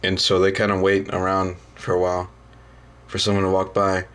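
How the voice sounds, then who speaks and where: A young man, a student, casually retelling a story in a halting way, full of ums and restarts. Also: low-pitched, completely flat delivery, fairly bright tone, smooth. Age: young adult.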